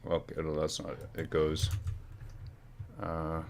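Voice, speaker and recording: A man's voice: extremely low pitch, completely flat delivery, takes it slowly, slight background noise. A man hosting a casual livestream, joking and teasing, humming and muttering to himself while he works at his computer. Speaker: livestream host.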